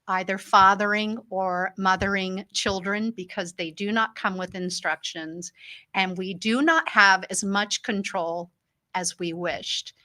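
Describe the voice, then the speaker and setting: A woman's voice: mid-range voice, pushed and bright. A middle-aged woman hosting a talk show, telling personal family stories in an earnest way and springing into livelier voices when she quotes others. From Illinois. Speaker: host. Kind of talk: personal storytelling monologue.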